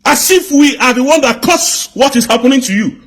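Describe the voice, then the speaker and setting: Furious high-voiced Nigerian man ranting. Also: animated, a little fast, a bit bright. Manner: indignant, repetitive rhetorical questions. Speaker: commentator. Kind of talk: angry political rant.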